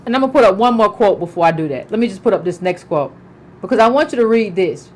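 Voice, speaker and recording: A middle-aged woman delivers political commentary emphatically, repeating herself and firing off pointed questions. Her mid-range voice is expressive and fast, captured on a rough recording.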